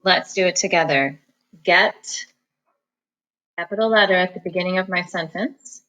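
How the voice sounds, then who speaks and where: A woman teacher giving an online phonics lesson, dictating sentences slowly and sounding out each syllable. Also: fairly low pitch, fairly bright tone, poor audio. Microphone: recorded at a computer for students at home.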